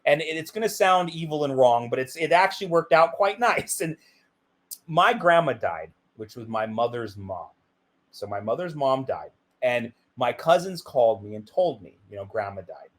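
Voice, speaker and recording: A middle-aged man, a guest in an interview, telling a candid personal story and acting out the dialogue in it. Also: normal speed. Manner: animated, acts out quoted dialogue with big pitch jumps.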